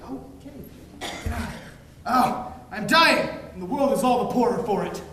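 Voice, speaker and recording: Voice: medium pitch, lively intonation, a little slow, natural voice. A stage performer playing a vain, muscle-proud young male suitor with a boastful, mock-heroic delivery. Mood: dazed. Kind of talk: amateur stage comedy. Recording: noisy, echoey stage recording.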